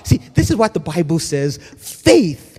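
A man preaching a sermon, swinging between hushed intensity and shouting. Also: fairly high pitch, big pitch swings, measured pace, husky, in a large hall.

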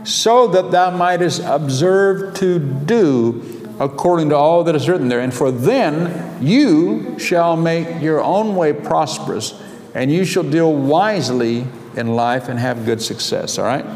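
A man delivers a sermon in a slightly raised voice, stretching his words slowly and emphatically as he reads scripture aloud. His voice rings with a long reverb from the hall. Faint background noise sits under it. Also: on the high side, lively intonation, a little mellow. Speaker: preacher.

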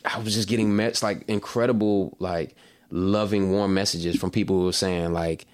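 A man with a fairly low voice talks as a guest musician. He speaks loosely, drifting through his thoughts with plenty of "like" and "you know". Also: normal speed. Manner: relaxed, rambling, lots of "like" and "you know". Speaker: singer-songwriter guest. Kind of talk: casual interview chat.

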